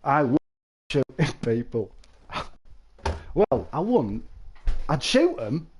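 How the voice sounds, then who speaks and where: A man's voice: medium pitch, sing-song, slow, darkish tone, a little hiss or hum. Rambling man chatting with viewers. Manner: rambling, laughing, exaggerated sound effects. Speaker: live streamer. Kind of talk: casual chat with viewers.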